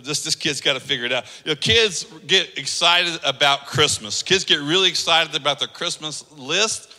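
A man delivers a sermon as pastor in a high, ringing voice with a sharp, bright edge. He speaks emphatically and draws the congregation into reading along with him. His voice carries a long reverb from a large hall.

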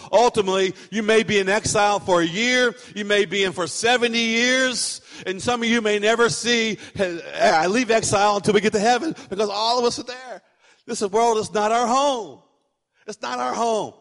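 A man preaching as pastor in a church, animated and emphatic, repeating his points. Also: high-pitched, big-room sound. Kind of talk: sermon.

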